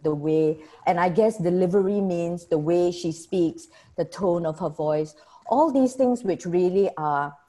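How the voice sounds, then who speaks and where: A woman's voice: lowish voice, warm tone. A middle-aged woman leads an online storytelling workshop over a video call, asking participants questions and summing up their answers. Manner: summarizes points, prompts participants by name. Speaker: workshop facilitator.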